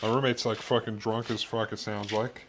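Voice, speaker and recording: A man's voice: lowish voice, flat delivery, moderate pace, background noise. A man streaming while he cooks in his home kitchen, chatting casually and rambling with lots of fillers, restarts and easygoing swearing. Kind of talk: casual chat while cooking.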